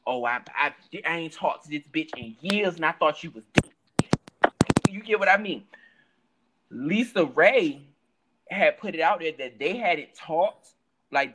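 A young man co-hosting a podcast, telling stories in a loose, animated, slang-heavy way. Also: sits high, poor audio. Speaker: podcast co-host. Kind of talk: casual podcast chat.

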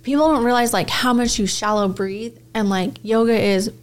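A woman's voice: a little high, moderate pace. A woman co-hosting a casual podcast, speaking in an emphatic and earnest way. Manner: emphatic and earnest, talks about breathing and rituals.

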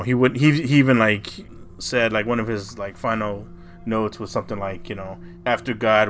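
Male podcast co-host with a lowish voice, who tells a legend in loose, casual chat. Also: fairly bright tone. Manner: loose and profane, retelling a legend with frequent "you know" and "like".

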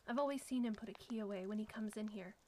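A woman reading the lines of a frightened young woman held captive, speaking quietly and pleadingly. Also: medium pitch, quick pace, a little hiss or hum, close to an everyday voice.

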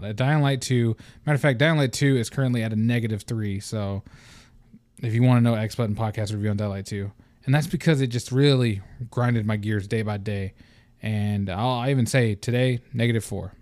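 A young man hosting a casual solo podcast, venting in an animated, profane way and slipping into mock voices. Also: medium pitch, a little fast, no room sound. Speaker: podcast host.

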